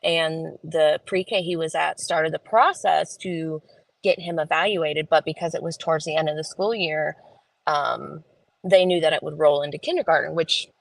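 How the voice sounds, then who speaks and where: A woman talks at a moderate pace in a low voice with vocal fry, recorded roughly on a phone camera with no room sound. The vlogger is parked in a school pickup line, chatting homily with her live viewers and rambling along with many fillers.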